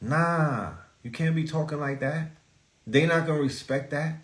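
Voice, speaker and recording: A man's voice: a little high, measured pace, echoey room. A man hosting a live stream, ranting in a preachy, profane way and asking rhetorical questions. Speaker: podcast host.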